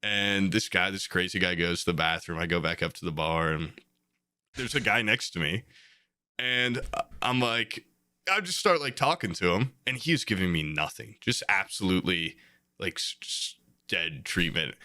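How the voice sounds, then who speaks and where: A man's voice: sits low, animated, moderate pace, sharp tone, no echo, clean studio sound. A young man, a podcast co-host, telling a rambling bar story with lots of "like" and acted-out quotes. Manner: rambling, heavy use of "like", acts out quoted voices. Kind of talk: casual storytelling chat.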